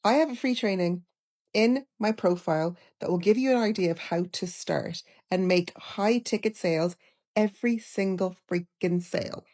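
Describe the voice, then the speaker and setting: A woman talks straight to camera in an exasperated rant. Her voice sits at a middle pitch, and her tone turns pushy and salesy as she urges her viewers on. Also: moderate pace, a little mellow. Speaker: online business influencer.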